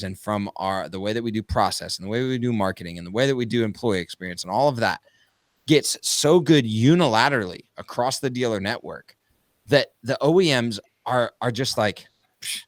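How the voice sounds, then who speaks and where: A man from the United States co-hosting a panel talk, animated and talking in long run-on thoughts. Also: mid-range voice, dry recording, clean studio sound. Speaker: podcast co-host. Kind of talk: conversational panel discussion.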